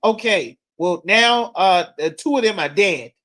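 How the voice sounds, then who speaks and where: A man teaching scripture to a class in a blunt, forceful preaching manner with coarse language. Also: sits high, animated, measured pace. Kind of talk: street-corner scripture teaching.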